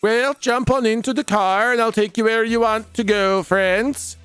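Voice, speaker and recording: A man's voice: high voice, steady tone, normal speed, fairly bright tone, clean tone, dry recording, faint music behind, voice pushed up. A man voicing an overly cheerful, oblivious male cab driver in a tabletop game. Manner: chipper and oblivious.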